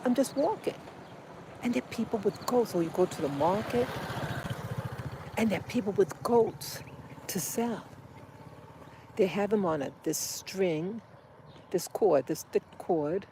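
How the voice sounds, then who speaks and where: A woman's voice: medium pitch, a little mellow, slight background noise. A woman vlogging on a walk outdoors, rambling and emotional as she talks to her little boy. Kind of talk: casual walking vlog. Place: outdoors on a street.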